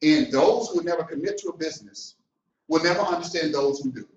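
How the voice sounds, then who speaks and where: A middle-aged man giving a motivational business talk, animated and preacher-like, swinging between loud and soft. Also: a little high, brisk. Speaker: business coach. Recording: roomy, distant, dull sound.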